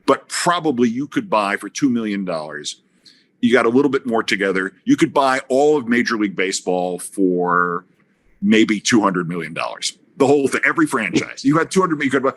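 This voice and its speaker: A man's voice: mid-range voice, a bit bright. A man guesting on a podcast, telling anecdotes with big swings in his voice and acted-out quotes. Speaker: guest broadcaster.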